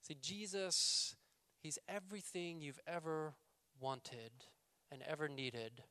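A male pastor preaching a sermon, raising his voice for scripture quotes and dropping low and quiet for emphasis. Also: slow, no echo. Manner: reads scripture quotes with raised voice, then drops to quiet emphasis.

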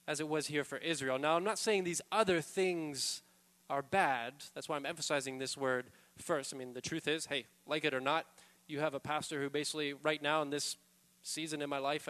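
A man's voice: fairly high pitch, a bit bright, big-room sound. A man preaching a sermon as pastor, earnest and conversational, asking pointed rhetorical questions and adding casual asides.

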